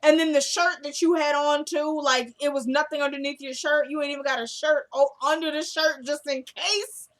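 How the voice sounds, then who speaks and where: A young woman casually recapping a TV episode, retelling scenes as quick quoted dialogue. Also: sits high, fairly even intonation.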